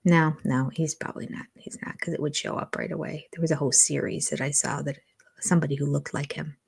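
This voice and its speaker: An older woman hosts a relaxed live stream from home, talking viewers' comments through out loud. Her voice sits a little low, and she slips into soft half-whispers now and then. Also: quick pace, gravelly, husky. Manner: chatty, thinks aloud, drops into soft half-whispered asides. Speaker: reality TV livestream host.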